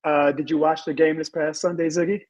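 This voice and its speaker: A man hosting a casual sports talk show, teasing his co-host in an animated way. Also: a little high, a little fast, dull audio. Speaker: podcast host.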